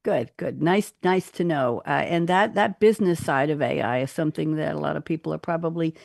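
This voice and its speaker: A woman hosting a business talk radio show, animated and expressive as she reads out quotes. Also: low-pitched, fairly quick, creaky, dry recording, clean studio sound. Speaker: host.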